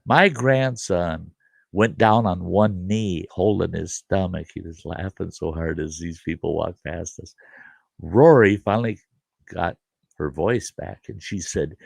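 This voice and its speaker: A man's voice: sits low, measured pace, no echo. An older man, hosting and telling a story casually, chuckling as he goes. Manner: animated, chuckling, dry gravelly delivery. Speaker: host.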